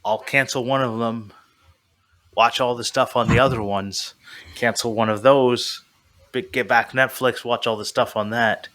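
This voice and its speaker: A male podcast host with a bright, ringing tone in relaxed chat. He rambles, laughs at himself and fills pauses with "uh" and "like". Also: mid-range voice. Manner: rambling, self-deprecating, with frequent fillers.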